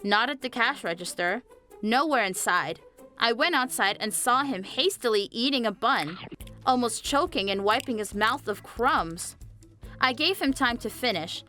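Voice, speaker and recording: A young woman narrating a scripted animated story, chatty and speaking straight to viewers. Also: on the high side. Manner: chatty, addresses viewers directly. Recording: faint music behind the voice.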